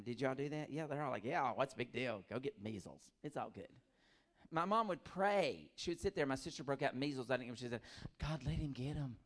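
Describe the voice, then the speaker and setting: Middle-aged male stand-up comic, lively storyteller who acts out characters. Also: medium pitch. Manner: animated storytelling, acts out voices, laughs often. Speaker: stand-up comedian. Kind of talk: stand-up comedy set.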